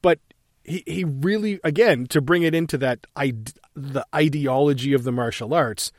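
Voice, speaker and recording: A man's voice: on the high side, normal speed, no echo, clean studio sound. A man chatting casually as a podcast co-host, retelling film scenes and quoting lines. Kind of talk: casual chat.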